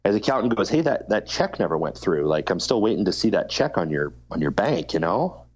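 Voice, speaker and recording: A man's voice: low voice, very animated, a little fast, husky, highs cut off. A man co-hosting a podcast, telling a long story in casual chat and swearing freely. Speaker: podcast co-host.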